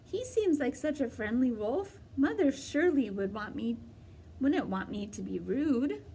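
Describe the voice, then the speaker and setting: A woman voicing a polite, cheerful little girl in a storybook read-aloud, bright and trusting. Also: high-pitched, lively intonation, unhurried, recorded from a distance, slight background noise.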